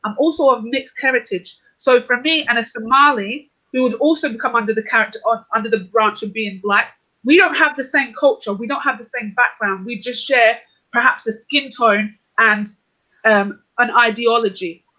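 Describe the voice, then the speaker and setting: Insistent bright-voiced man arguing. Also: very high voice, moderate pace, low-quality recording. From Scotland. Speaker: panel guest. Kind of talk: heated online panel debate.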